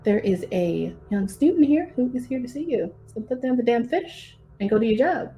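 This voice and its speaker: A woman doing a shrill scolding camp cook. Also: expressive, moderate pace, dark tone, faint music behind. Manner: sweet then screeching and scolding. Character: bossy cheerful human woman cook in apron.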